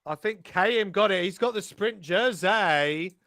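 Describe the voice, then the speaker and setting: A man giving casual, excitable live race commentary, sweary and rambling with fillers. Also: high-pitched, measured pace.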